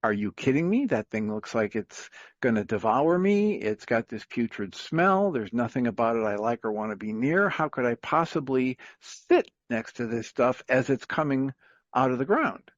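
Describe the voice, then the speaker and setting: A man's voice: expressive, moderate pace, dry recording, highs cut off, close to an everyday voice. A man voicing an overwhelmed woman in a story, pleading and exasperated. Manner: exasperated, higher pitched, pleading. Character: overwhelmed young woman in a dream kingdom.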